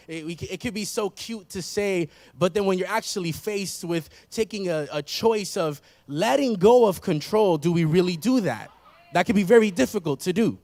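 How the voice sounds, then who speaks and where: Gravelly high-voiced preaching man. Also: darkish tone, no echo. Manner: emphatic preaching, rising in intensity with repeated phrases. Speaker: pastor. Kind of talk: sermon. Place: church.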